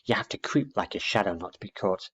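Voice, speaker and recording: A man's voice: lowish voice, animated, fairly bright tone, husky, exaggerated voice. A man voicing a cheerful, confident young boy scout in a storybook reading. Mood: enthusiastic. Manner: brisk, confident. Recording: dull lo-fi recording.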